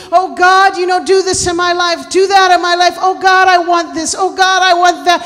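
Impassioned high-voiced woman preacher. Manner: impassioned, rising to shouts and sung cries. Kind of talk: sermon. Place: church sanctuary. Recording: long hall reverb.

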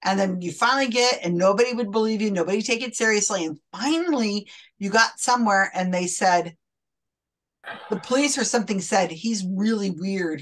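A woman hosting an online chat, telling a long story in a rambling, self-interrupting way. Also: on the low side. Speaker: host. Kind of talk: casual chat.

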